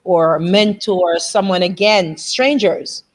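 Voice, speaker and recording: A woman's voice: fairly low pitch, slow pace. A woman with a Canadian accent, a guest in a heartfelt conversation, talking animatedly and laughing often. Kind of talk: emotional conversation.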